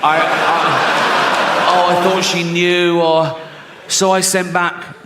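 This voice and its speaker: A comedian with a high, fairly flat voice speaks slowly on a big theatre stage, cursing, acting out routines, and cracking up at his own material. Heavy background noise and loud audience laughter fill the live hall recording.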